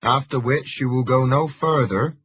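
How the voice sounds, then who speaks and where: A man's voice: mid-range voice, moderate pace, fairly bright tone, breathy edge, no echo, muffled recording, voice pushed up. A male narrator voicing a rustic countryman who gives directions with dry wit in an audiobook. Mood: wry.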